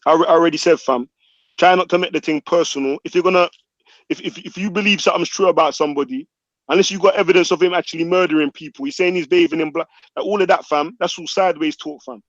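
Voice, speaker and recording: A man's voice: fairly high pitch, fairly even intonation, quick pace, no room sound. A man with hosting a heated live-stream debate, cutting in and repeating words urgently. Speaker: stream host moderating a debate. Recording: dull lo-fi online audio.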